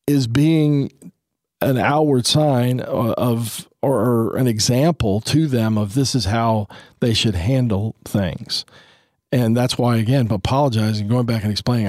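A man in his fifties talks through parenting advice in a casual, earnest way, slipping into quoted family dialogue. His voice sits on the low side. The sound is dry and close, with no room around it. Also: a little slow, a little mellow, dry recording. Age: 50s.

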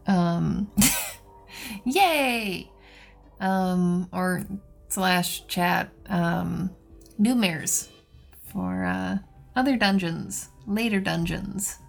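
A woman co-hosting a casual podcast, talking hesitantly with many pauses and ums. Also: on the low side, creaky, faint music behind. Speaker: podcast co-host.

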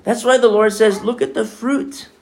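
A man's voice: high-pitched, normal speed. Conversational male preacher. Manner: conversational, animated preaching with many asides. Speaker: pastor. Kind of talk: sermon.

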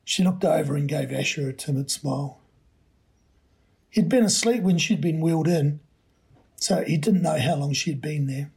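A man, a podcast host, reading a short story aloud in a measured, expressive way. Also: on the high side, gravelly, slightly rough.

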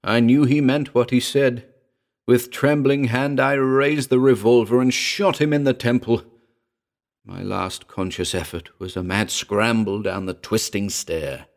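A man narrating a first-person horror story in a slow, grave, measured delivery. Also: medium pitch, vocal fry. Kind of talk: dramatic horror story reading.

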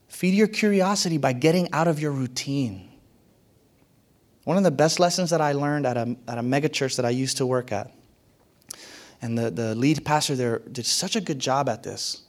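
Guy giving a sermon, kinda high voice, big swings from whispery to loud, repeats stuff. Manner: emphatic, repeats key phrases, pitch swings widely.

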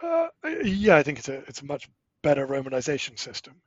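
A middle-aged man speaking as an interview guest. He explains animatedly, with quick asides and self-corrections. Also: on the high side, wildly swooping pitch, no echo, lo-fi sound. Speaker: guest, language-learning startup co-founder. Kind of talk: casual explanatory interview talk.

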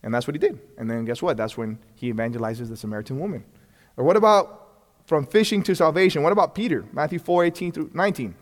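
Animated male Bible teacher in a reverberant hall. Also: on the high side, quick pace. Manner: animated, often acts out quoted dialogue; frequent restarts and check-ins. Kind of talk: conversational classroom teaching.

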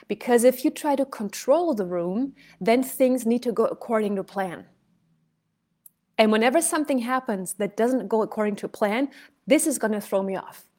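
A woman voice and speech coach talking casually, telling a story and shifting her loudness to illustrate her points. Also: medium pitch. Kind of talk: conversational coaching talk.

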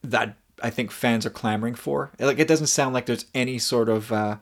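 A man's voice: mid-range voice, moderate pace, few pauses. A man co-hosting a casual podcast chat, thoughtful and musing, with frequent restarts. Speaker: podcast co-host.

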